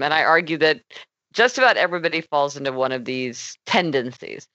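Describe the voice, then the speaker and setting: A woman author, a guest in an interview, explaining her ideas in a brisk, articulate way. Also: sits low, pushed and bright, no room sound, highs cut off.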